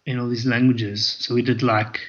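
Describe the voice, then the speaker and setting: Bright-voiced comedian. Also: male voice, mid-range voice, level tone, moderate pace, muffled recording. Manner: rambling, self-correcting storytelling. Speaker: comedian guest. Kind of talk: casual interview chat.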